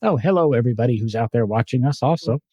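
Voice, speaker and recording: A man's voice: mid-range voice, lively intonation, quick pace, dark tone, husky, no echo, muffled recording. A man co-hosting a casual car podcast, chatting in a rambling, joking way. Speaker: podcast co-host. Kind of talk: casual chat.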